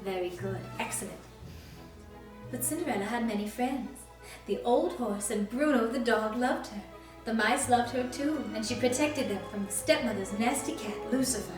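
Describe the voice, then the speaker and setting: A woman reads a picture book aloud to small children in a sing-song storytelling voice, stopping to ask them questions. Her voice is fairly high and sounds distant, bouncing around an echoey room. Soft music plays faintly behind her. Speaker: costumed children's storytime reader. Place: library program room.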